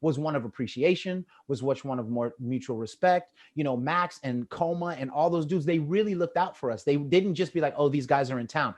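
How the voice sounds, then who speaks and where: A man with an American accent telling lively stories in casual chat over a video call, acting out the quotes with a rising voice. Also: fairly high pitch, fairly quick, few pauses. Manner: animated, acts out quotes with rising voice. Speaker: guest storyteller.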